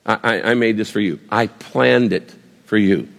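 A preacher voicing a loving, gentle king. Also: lowish voice, gravelly, long reverb tail, voice pushed down. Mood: tender. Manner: soft, reassuring, halting.

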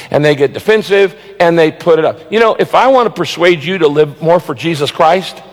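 A man with a somewhat high voice preaches with emphasis, driving points home by repeating them. He slows down deliberately whenever he reads a Bible verse aloud. His voice trails off into a long echo, like a big church auditorium. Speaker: pastor. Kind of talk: sermon.

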